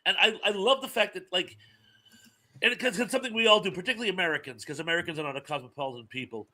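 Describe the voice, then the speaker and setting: A man's voice: high-pitched, rapid-fire, pushed and bright. A man hosting a casual podcast chat, playful and jokey, acting out quotes. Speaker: podcast host.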